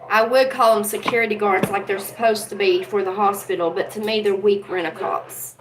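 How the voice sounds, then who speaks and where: A woman's voice: medium pitch, steady tone, a little fast, noisy background. A woman hosting a casual livestream from home, talking earnestly and with feeling to her chat viewers. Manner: earnest, emotional, talks straight to chat viewers. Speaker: livestream host.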